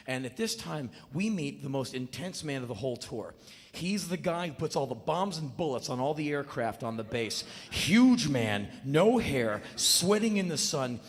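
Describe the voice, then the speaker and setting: A man telling a story in a live spoken word show, blunt and sardonic, with sudden loud outbursts. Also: medium pitch. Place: stage before an audience. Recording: live stage with long reverb.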